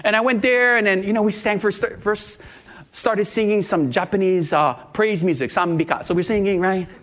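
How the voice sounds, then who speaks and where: Middle-aged pastor, sermon delivery, high voice, animated storyteller. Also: male voice, normal speed.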